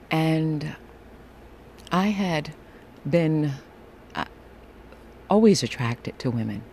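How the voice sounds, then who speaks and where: Woman, fifties, podcast host; sultry, unhurried delivery with a deliberate, theatrical edge. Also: deep voice, very animated, darkish tone, slight background noise. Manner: deliberate, with playful theatrical asides. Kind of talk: personal storytelling podcast.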